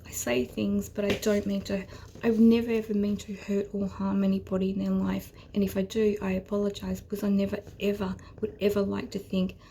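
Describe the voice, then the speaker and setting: Gravelly mellow lady doing a tarot reading, earnest and rambly, slips into whispers. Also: medium pitch, slight background noise. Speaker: tarot reader. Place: at home with her cat.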